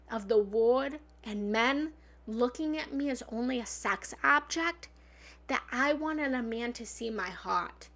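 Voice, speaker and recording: Blunt woman love coach on a live stream, voice on the higher side, goes loud then soft, swears now and then. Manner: emphatic, swinging from loud bursts to soft asides. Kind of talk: livestream self-help coaching talk.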